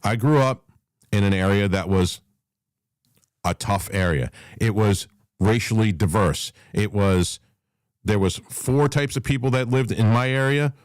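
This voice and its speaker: A man's voice: fairly low pitch, measured pace, clear, resonant tone, no echo. A man hosting a live talk room, ranting in an angry, profane, emphatic way and repeating himself as he drives his points home. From New York, USA. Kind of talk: heated live chat rant.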